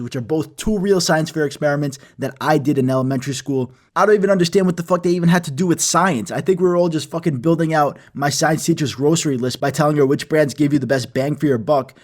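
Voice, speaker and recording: Brief: excitable young male storyteller, profane and self-mocking, voice sitting a bit high. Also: fast, few pauses. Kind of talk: animated comedic storytime.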